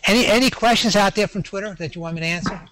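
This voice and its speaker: A man's voice: sits high, fairly bright tone. Chatty older man with a Brooklyn accent. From New York. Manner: chatty, quick to laugh, self-deprecating. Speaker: educator and resource-page curator. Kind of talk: casual panel chat.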